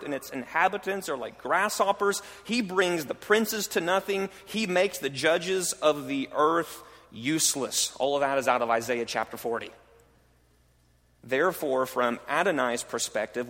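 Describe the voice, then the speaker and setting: Man preaching a sermon, slightly high voice, emphatic and conversational, long hall reverb. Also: a bit bright. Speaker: pastor.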